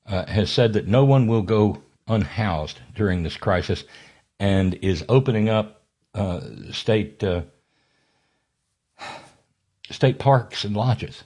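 Husky-voiced guy hosting a political talk show, fired up and sarcastic, keeps restarting sentences. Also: lowish voice, a little mellow. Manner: ranting, sarcastic, fiery, with many restarts. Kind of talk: impassioned political monologue.

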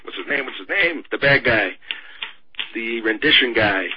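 A man talking politics in casual chat, sarcastic and mocking, with a husky voice. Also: medium pitch, lively intonation, normal speed, background noise. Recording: dull lo-fi radio sound.

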